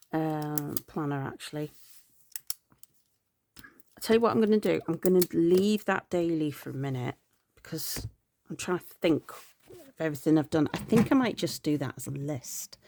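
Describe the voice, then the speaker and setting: A middle-aged woman talks in a low, unhurried voice with a gravelly edge. She rambles, corrects herself and lets soft laughs slip in, sounding tired. The sound is close and dry. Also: no echo. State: tired, yawning. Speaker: planner vlogger. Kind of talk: chatty planner update.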